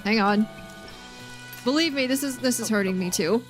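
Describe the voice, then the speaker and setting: Young woman, high voice, game streamer; giggly, rambling chatter with her chat, faint music behind. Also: normal speed. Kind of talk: live gameplay stream chat.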